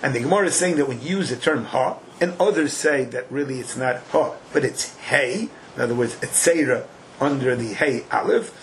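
A man giving a Talmud class, chanting the quoted text in an animated sing-song. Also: medium pitch, fairly quick, a little hiss or hum, rough recording. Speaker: Talmud teacher.

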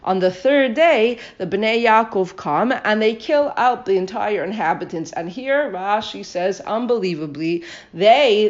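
A woman teaching a scripture lesson, reading Hebrew verses aloud, then translating and questioning them. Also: mid-range voice. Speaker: Torah teacher. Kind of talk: text study lesson. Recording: dull lo-fi recording.

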